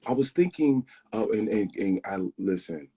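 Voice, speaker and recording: A man's voice: lowish voice, animated, moderate pace, warm tone, breathy edge. A man who is a guest on a talk show, earnestly telling personal stories in a casual chat, often stopping and restarting.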